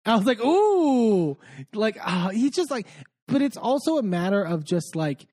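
Male co-host, high voice, gossipy animated recap style. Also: normal speed. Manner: animated retelling, acts out quotes, laughs often. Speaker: podcast co-host recapping reality TV. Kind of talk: casual chat.

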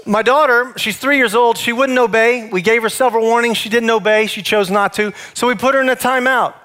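A man's voice: extremely high pitch, fairly even intonation, fairly quick, sharp tone. A man in his thirties preaching a sermon, telling family stories in a conversational way before moving into teaching. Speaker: pastor.

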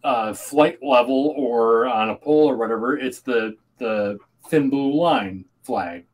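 A man's voice: mid-range voice, a little slow. A man from Minnesota co-hosting a podcast in casual chat, rambling and often restarting his sentences. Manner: rambling, many restarts and self-corrections. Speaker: podcast co-host.

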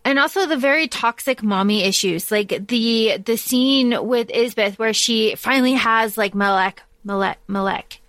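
A woman's voice: fairly high pitch, normal speed, few pauses, a bit bright, dry recording. A woman co-hosting a book podcast in casual chat, blunt and swearing freely, acting out scenes as she retells them. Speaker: podcast co-host.

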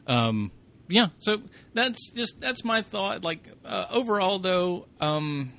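A man's voice: sits high, big pitch swings, takes it slowly, gravelly, pushed and bright. A man co-hosting a casual podcast chat, joking and swearing as he talks. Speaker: podcast co-host.

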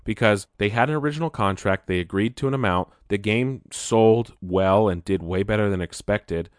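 A man's voice: on the low side, moderate pace, no room sound, studio quality. A young man chatting casually about gaming news, rambling with frequent restarts and stumbles. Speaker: gaming video host.

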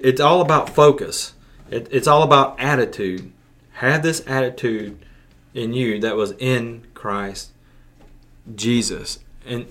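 A man's voice: medium pitch, a bit bright. A man hosting a casual sermon podcast for young listeners, folksy and prone to repeating words as he restarts. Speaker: youth pastor podcast host.

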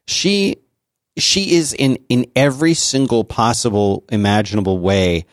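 A man with a lowish voice tells family stories in a relaxed podcast chat, slipping into the voices of the people in them. The sound is close and dry, with no room around it. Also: dry recording. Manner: animated storyteller, acts out family voices. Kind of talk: casual chat.

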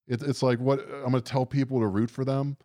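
A man's voice: mid-range voice, flat delivery, a little fast, warm tone, no echo, studio quality. A young man chatting casually on a podcast, rambling and sardonic, swearing often and leaning on fillers. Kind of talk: casual chat.

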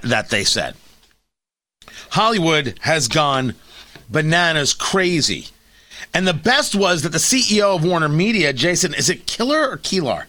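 A middle-aged man hosting a radio talk show, giving opinionated commentary with sarcasm and quick asides. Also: mid-range voice, dry recording. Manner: sarcastic, animated, quick asides and mock voices. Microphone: studio microphone.

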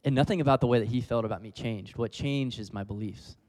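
A man's voice: mid-range voice, quick pace, a little mellow. A young man preaching a casual sermon, laughing often as he talks. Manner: casual, laughs often, leads the crowd in repeating lines. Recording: long hall reverb.

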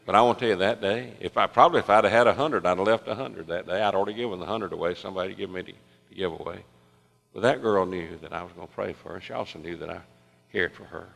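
A man preaching a sermon, telling a story with lively swings between loud excitement and soft hushed tones. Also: sits low, quick pace, vocal fry. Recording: long reverb of a large hall.

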